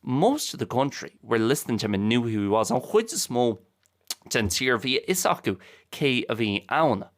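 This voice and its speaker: A man's voice: mid-range voice, sing-song, normal speed. A man hosting a bilingual language podcast, casually repeating each point in two languages. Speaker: Irish language teacher and podcast host.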